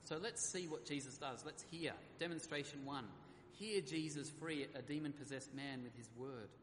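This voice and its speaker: A man's voice: on the high side, moderate pace, slight background noise. A man preaching a sermon, earnestly reading scripture aloud and stressing key words. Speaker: pastor. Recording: echoey hall with faint ambience.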